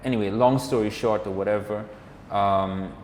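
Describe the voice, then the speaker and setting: A man's voice: lowish voice, steady tone, moderate pace, darkish tone. A man telling a story in a casual, rambling chat, filling his talk with "like" and "or whatever" and acting out what others said. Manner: rambling, filler-heavy, acts out quoted dialogue. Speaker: podcast co-host, motorcyclist. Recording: roomy, reverberant room with faint background hum.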